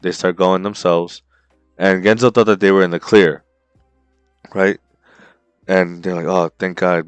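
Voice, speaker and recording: A man co-hosting a podcast, recapping a story in an excited, slangy way and calling his co-host bro and dude. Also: sits low, smooth, no echo. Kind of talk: casual chat.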